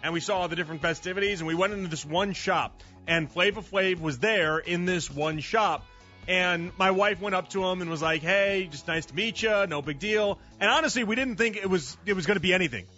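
A sports radio host talks in an easy, conversational way, restarting his sentences as he goes. His voice sits high and sounds bright. The audio is a little muffled, with faint music running underneath. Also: fairly quick. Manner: conversational, repeats words when starting thoughts.

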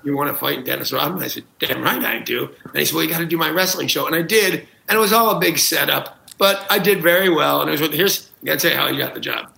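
A man's voice: on the high side, quick pace, creaky, few pauses, pushed and bright, echoey room, low-quality recording. A man, a talk show guest, telling comic anecdotes with gusto, acting out quotes and laughing at his own jokes. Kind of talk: animated comic storytelling.

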